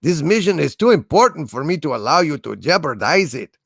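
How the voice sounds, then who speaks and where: A calm, menacing ship computer with a laid-back Chicano drawl, as a man puts it on. It turns down every request in unhurried, mock-polite tones and sounds lively and animated. The voice comes across dry and close, with little room sound. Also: fairly high pitch, vocal fry, slightly rough, no echo, full character voice. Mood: calmly refusing.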